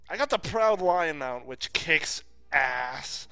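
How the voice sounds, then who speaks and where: Excitable rambling man, slightly high voice. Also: slow pace, clear, resonant tone, no echo. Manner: rambling, easily distracted, sudden excited outbursts. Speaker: let's play host. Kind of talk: casual gameplay commentary.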